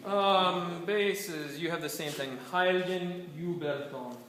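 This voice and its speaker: A man's voice: high voice, slow, crowd noise. A man directing a choir rehearsal, patiently modeling words for the singers to repeat. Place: rehearsal room. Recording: echoey room from a distance with music.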